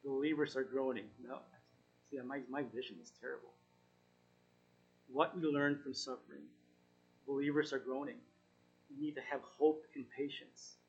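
A man giving an informal sermon, reading scripture and encouraging his listeners in an earnest, halting way with frequent self-corrections. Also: mid-range voice, fairly bright tone, dull audio. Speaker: Bible study teacher.

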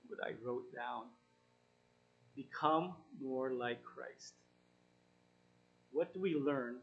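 A man giving an informal sermon, reading scripture and encouraging his listeners in an earnest, halting way with frequent self-corrections. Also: medium pitch, fairly bright tone, lo-fi sound. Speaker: Bible study teacher.

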